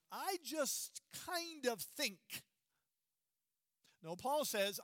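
A middle-aged man preaches with a high, bright, ringing voice. He leans hard on key words and keeps asking the congregation questions. The sound is dry and close. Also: no echo. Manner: emphatic, asks the congregation rhetorical questions. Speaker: pastor. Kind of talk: sermon.

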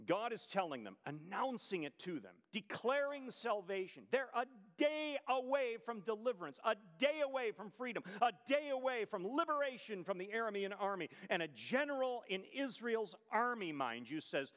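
Guy preaching a sermon, kinda high voice, lots of rhetorical questions, long echo like a big church hall. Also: very animated, moderate pace, a bit bright. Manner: emphatic storytelling with rhetorical questions.

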